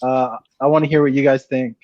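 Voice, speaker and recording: A man's voice: mid-range voice, steady tone, brisk, darkish tone, no room sound, lo-fi sound. A man on a comedy panel, teasing and joking playfully. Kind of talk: casual comedic banter.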